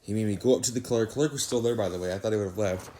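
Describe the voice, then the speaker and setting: A young man casually narrating a storytime anecdote, voice jumping higher when he quotes his own disbelief. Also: racing, slight background noise. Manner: animated, rises sharply when quoting himself in disbelief. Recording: echoey room.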